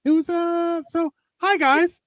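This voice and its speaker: High-pitched man, profane rambling storyteller, casual chat co-host. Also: level tone, fairly bright tone, no echo. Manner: rambling, profane, halting with restarts. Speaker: podcast co-host.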